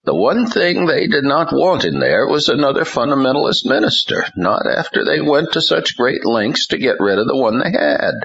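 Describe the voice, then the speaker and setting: A man voicing an older ousted male pastor who talks slowly, falteringly, and forcefully. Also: medium pitch, sing-song, vocal fry, husky, highs cut off, pitched above the performer's own voice, heavily acted.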